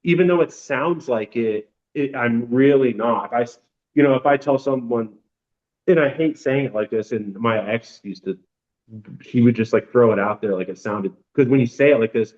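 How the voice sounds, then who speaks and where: A man's voice: medium pitch, normal speed, a little mellow, lo-fi sound. A man as a guest on a podcast, talking earnestly and animatedly, repeating himself for emphasis. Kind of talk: casual podcast conversation.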